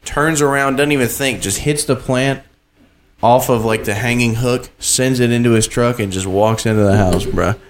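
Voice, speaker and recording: A man with a mid-range voice talks at a normal speed while co-hosting a casual podcast. He's an animated storyteller who swears a lot and acts out quotes as he goes.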